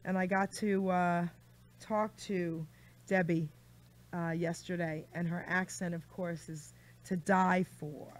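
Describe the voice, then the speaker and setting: A woman's voice: fairly low pitch, steady tone, takes it slowly, no echo. Chatty woman radio host. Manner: chatty and gushing, reads a rhyming poem aloud. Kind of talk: casual radio chat.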